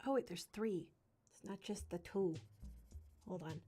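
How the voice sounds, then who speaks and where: A woman's voice: fairly low pitch, a little slow, warm tone. A young woman chatting casually and playfully on a livestream, slangy and giggly while she works. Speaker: streamer drawing commissions.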